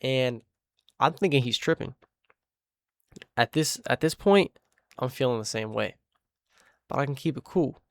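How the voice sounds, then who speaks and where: A young man casually telling a story, animated and slangy, making sound effects and tripping over words. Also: medium pitch, no room sound.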